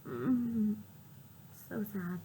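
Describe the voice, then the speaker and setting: A woman librarian reading a storytime for small children, sing-song and often dropping into soft whispers. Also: medium pitch, extremely slow, noisy background.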